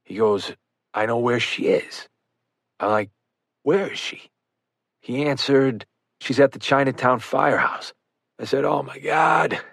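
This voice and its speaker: A man narrating a firefighter's first-person account for an audiobook, measured and earnest. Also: lowish voice, fairly bright tone, no room sound, studio quality.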